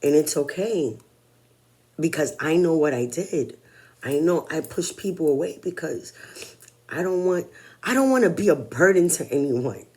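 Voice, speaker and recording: A woman's voice: low-pitched, animated, unhurried, a little mellow, breathy edge. A woman in her forties talking in a personal vlog monologue, blunt and candid, swearing freely. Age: 40s. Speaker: vlogger.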